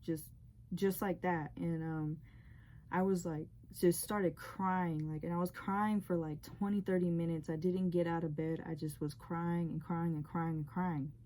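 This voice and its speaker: A woman's voice: lowish voice, steady tone, a little slow, dark tone, slight background noise. A young woman telling a personal dream story in a rambling, emotional way, with many fillers. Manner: rambling, heavy use of "like". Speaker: vlogger sharing a testimony.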